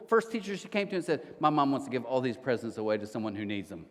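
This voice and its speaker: A man preaching a sermon as pastor, telling stories in a conversational, animated way with quick restarts. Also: medium pitch. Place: church auditorium. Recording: church hall reverb.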